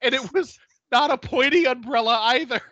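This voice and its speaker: A man hosting a casual movie recap podcast, telling stories in an animated way, laughing often and swearing freely. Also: extremely high pitch, normal speed, dry recording, dull audio. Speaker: podcast host.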